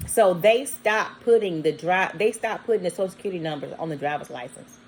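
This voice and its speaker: A vlogger with a fairly low voice tells a long personal story a little fast and with few pauses, animatedly acting out the people involved, bleeped words included. The audio is poor, with a little hiss or hum.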